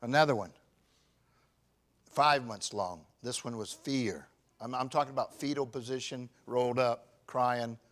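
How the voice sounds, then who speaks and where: Bright-voiced preaching pastor, man. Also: mid-range voice, a little slow. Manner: swings from shouted emphasis to quiet confession. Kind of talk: sermon. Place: church.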